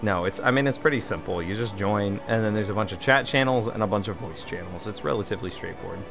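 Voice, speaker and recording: A man's voice: on the low side, quick pace, gravelly, over music. Wry, chatty man streaming a game. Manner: chatty, wry, reads and answers viewer chat aloud. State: one beer in, slightly tipsy. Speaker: livestream gamer host. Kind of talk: casual livestream chat.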